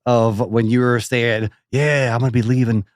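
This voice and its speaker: A man co-hosting a podcast, chatting casually with a relaxed, enthusiastic fan's manner. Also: mid-range voice, moderate pace, dry recording, clean studio sound. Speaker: podcast co-host. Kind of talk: casual chat.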